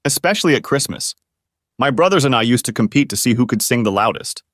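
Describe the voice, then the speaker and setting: A man voicing a calm, kindly cowboy spirit from the old West, talking in a folksy Texas accent. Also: mid-range voice, fast, no room sound, clean studio sound. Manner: folksy, drawling, reassuring.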